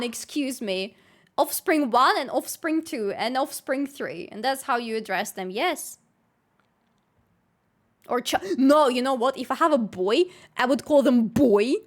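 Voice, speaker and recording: High-voiced woman streamer. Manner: playful, bursts into squealing laughs. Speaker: livestreamer. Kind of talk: casual chat with live viewers.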